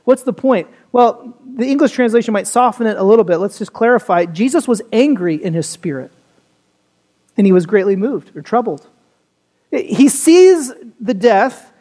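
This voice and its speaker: A pastor preaching a Sunday sermon in an easy, conversational manner. The delivery keeps turning to the congregation with quick "right?" and "you know" asides and moves at a middling pitch. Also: darkish tone.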